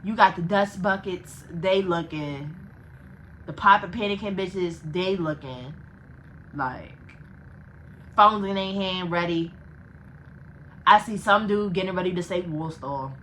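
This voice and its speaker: A young woman vlogger telling a casual storytime, animated and profane, laughing between phrases. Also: fairly low pitch, measured pace, pauses often, a little hiss or hum, poor audio.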